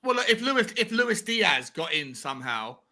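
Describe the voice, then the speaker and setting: Bright, excitable high-voiced man. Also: moderate pace. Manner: excitable, laughs easily. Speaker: co-host. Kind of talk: live football watchalong chat.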